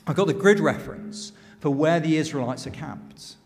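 A man's voice: fairly high pitch, normal speed, big-room sound, lightly acted. A man voicing a sneaky, beaky male chief spy with sly news. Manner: sly, hesitant.

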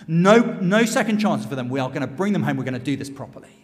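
A man voicing a furious tyrant king who yells and bangs the table. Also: mid-range voice, animated, very fast, big-room sound, voice pushed down, natural voice. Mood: commanding. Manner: yelling, bossy.

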